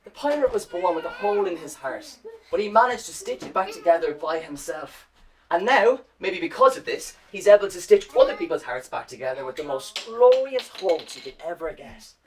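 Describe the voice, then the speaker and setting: A woman telling a story to children at a live event, warm and speaking directly to her young listeners. Her pitch rises and falls in a lively, animated way. She sounds like she is performing in a home or school. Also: moderate pace, far from the mic. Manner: warm, sing-song, directly addressing children.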